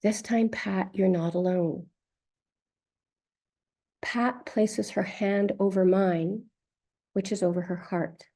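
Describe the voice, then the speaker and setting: A woman therapist narrating a session account in a slow, gentle, measured way. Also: medium pitch, fairly even intonation.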